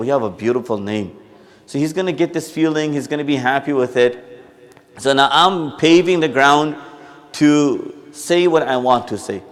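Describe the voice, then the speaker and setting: Male religious teacher, somewhat high pitch, chatty sermon delivery that acts out everyday examples. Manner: conversational, explains with acted examples and repeats himself. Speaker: mufti giving a Friday talk. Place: mosque.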